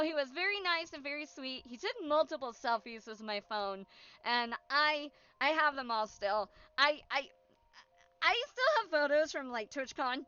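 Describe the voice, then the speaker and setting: A woman's voice: high-pitched, pushed and bright, highs cut off. A young woman streaming as a VTuber, talking in a giggly, rambling way and swearing often. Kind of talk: casual stream chat.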